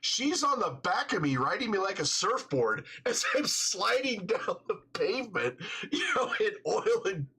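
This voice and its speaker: Casual host storyteller, male, husky and bright-toned, lively and laughing. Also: high-pitched, measured pace, hardly any pauses. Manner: animated, laughing storyteller, swearing freely.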